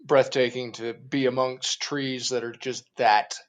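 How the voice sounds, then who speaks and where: A man being interviewed as a guest, speaking in a relaxed, easygoing way and laughing along. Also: medium pitch, unhurried. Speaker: interview guest, group organizer. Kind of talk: casual interview conversation.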